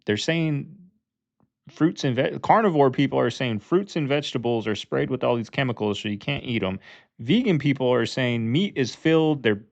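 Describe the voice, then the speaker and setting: A man's voice: mid-range voice, animated, normal speed, creaky. A man hosting a reaction video, talking in a laid-back, chatty, amused way. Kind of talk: casual reaction commentary. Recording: dull lo-fi sound.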